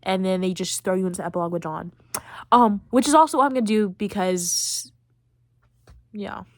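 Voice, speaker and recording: A woman's voice: mid-range voice, brisk, no echo. Chatty young woman recapping, dry close mic. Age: late teens. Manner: rambling, heavy on fillers, emotional about the story. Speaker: podcast host. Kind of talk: casual game recap.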